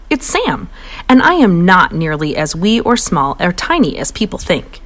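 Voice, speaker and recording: A woman narrating a children's storybook with a bouncy, playful delivery. Her pitch leaps high and dips low as she tells the tale, keeping it animated for young listeners. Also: unhurried. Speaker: storybook reader.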